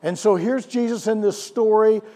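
A male pastor preaching a sermon, animated, with rhetorical questions and chuckles, in a church. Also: sits high, moderate pace. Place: church sanctuary. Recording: long church hall reverb.

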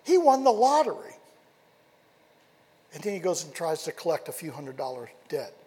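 A man preaching a sermon in a high, somewhat husky voice, leaning on rhetorical questions and sudden quiet emphasis as he tells a parable. His voice carries a long reverb from a large hall. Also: big pitch swings, moderate pace. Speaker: pastor.

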